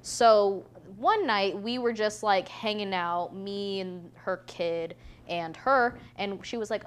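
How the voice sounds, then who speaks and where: Young woman, podcast co-host, animated casual storytelling, faint background hiss. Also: medium pitch, unhurried. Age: young adult. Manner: animated storyteller, laughs a lot, swears casually. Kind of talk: casual chat.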